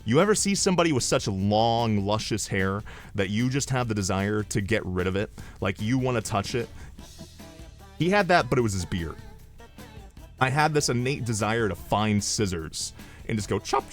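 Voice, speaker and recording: A male streamer telling a comedic story in a rambling, animated way with deadpan asides. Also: on the low side.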